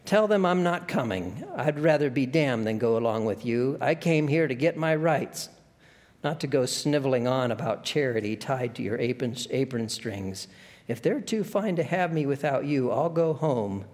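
A grumbling ghost of a working man insists on his rights in rough, ungrammatical speech, voiced by a man. His tone is indignant and self-pitying. A long hall echo trails behind each line. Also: medium pitch, animated, moderate pace, darkish tone, lightly acted. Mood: angry. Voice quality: blustering, rough working-class grammar. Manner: indignant and complaining.

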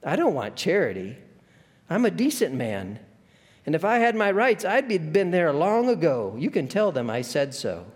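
A grumbling ghost of a working man insists on his rights in rough, ungrammatical speech, voiced by a man. His tone is indignant and self-pitying. A long hall echo trails behind each line. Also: on the high side, wildly swooping pitch, normal speed, voice pushed up. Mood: aggrieved. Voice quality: blustering, rough working-class grammar. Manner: indignant and complaining.

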